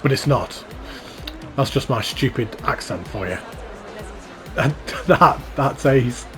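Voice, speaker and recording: A man's voice: medium pitch, expressive, takes it slowly, music in the background. A man giving casual, enthusiastic commentary while touring a theme park in a video game, rambling and repeating his praise. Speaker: YouTuber touring a fan-built theme park.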